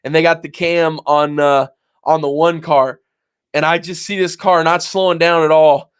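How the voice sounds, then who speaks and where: Man, twenties, podcast co-host, casual chat, lively storytelling, slightly high voice. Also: normal speed, clean tone. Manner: animated storyteller, acts out his own past reactions.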